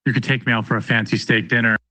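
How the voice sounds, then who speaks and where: A man's voice: mid-range voice, flat delivery, very fast, sharp tone, no room sound. A man appearing as a talk show guest, speaking hesitantly and apologetically, with some joking.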